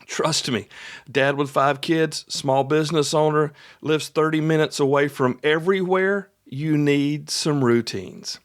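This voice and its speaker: Folksy man, slightly high voice. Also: unhurried, clean tone. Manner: folksy, repeats points, acts out little dialogues. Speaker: podcast host and instructor. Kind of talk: conversational instructional podcast.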